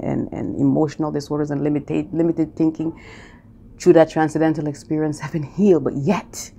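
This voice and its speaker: A woman's voice: low-pitched, creaky, a little hiss or hum. A woman who calls herself a mystic, talking casually to camera and answering a viewer's question about spiritual matters. She preaches emphatically, repeats key phrases for stress and keeps checking in with her viewers. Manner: addresses viewers directly with "okay?" and "you guys".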